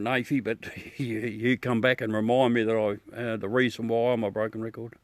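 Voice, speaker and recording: An Australian man talks to his live viewers in an easy, off-the-cuff way at a middling pitch. He is blunt and ranty, and swears freely. His voice is close and dry, with no room sound around it. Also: little pitch movement, normal speed, hardly any pauses, no echo. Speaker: livestream host. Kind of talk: casual chat with live viewers.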